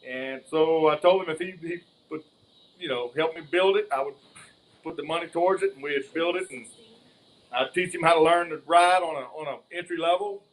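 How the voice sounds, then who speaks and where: A man's voice: on the high side, a little fast, poor audio. A man from near Baton Rouge with a Southern Louisiana drawl, telling his story at an easy pace with lots of "uh" fillers. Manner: easygoing storyteller, hesitant fillers. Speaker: guest, racing father.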